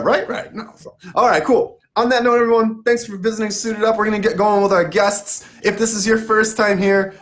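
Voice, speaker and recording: A man hosts a live-stream interview show with eager, chatty energy. His voice sits a little high for a man, and he laughs easily between questions. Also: fairly bright tone. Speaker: host.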